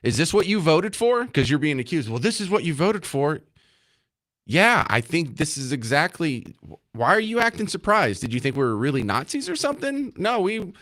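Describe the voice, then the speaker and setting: A man's voice: mid-range voice, a bit bright. A man hosting a talk radio show, firing off sarcastic rhetorical questions at a guest and listeners. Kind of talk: conservative talk radio chat.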